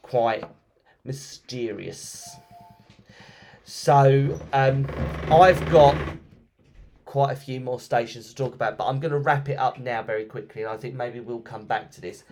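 A man hosting a podcast, retelling ghost stories in a chatty, lively way with plenty of ums and restarts. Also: medium pitch, a little slow, background noise. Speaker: podcast host. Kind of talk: casual storytelling podcast.

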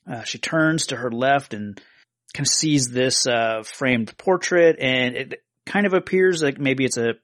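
Guy hosting a podcast, explains things slow and step by step, dry close sound. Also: mid-range voice, a bit bright, dry recording. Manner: explains at length, walking through scenes step by step. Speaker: podcast host. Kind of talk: casual podcast discussion.

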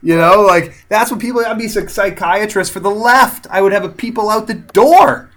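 An animated man co-hosting a casual political chat, his voice sitting a little high for a man. He keeps checking in with a quick "right?" and drops from loud bursts to near-murmurs. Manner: animated, tags statements with "right?"; swings between loud excitement and quiet musing.

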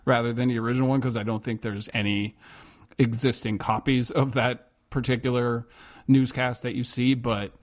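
A man co-hosting a podcast in casual chat, talking in an animated way with lots of restarts. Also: mid-range voice, moderate pace. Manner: chatty, animated, many restarts. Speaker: podcast co-host.

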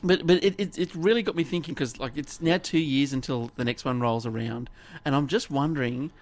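A man co-hosting a casual podcast talks fairly quickly in a mid-range voice, rambling, cutting himself off with many restarts, and laughing a lot.

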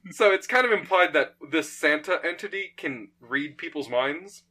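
A man in casual chat, rambling and animated, retelling a story with frequent laughs. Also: a little high, moderate pace.

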